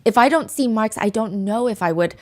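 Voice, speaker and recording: Chatty higher-voiced woman true-crime host. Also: lively intonation, brisk. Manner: chatty, with frequent fillers like "like"; earnest, opinionated asides. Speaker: podcast host.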